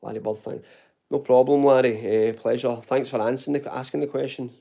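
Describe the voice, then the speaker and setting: A Glaswegian man with a warm, dark tone chats loosely through a live question session from home. He talks informally, tossing in "mate" and "buddy" and the odd swear word. His Scottish accent is softened but still clear. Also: mid-range voice, steady tone, a little fast. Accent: Glaswegian Scottish, toned down. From Glasgow, Scotland. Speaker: fitness channel host answering live chat. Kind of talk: casual live Q&A chat.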